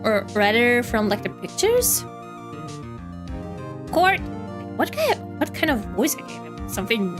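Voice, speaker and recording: A woman's voice: on the high side, big pitch swings, takes it slowly, pauses often, over music. A woman streamer giving casual, giggly commentary while playing a game, chatty and often correcting herself.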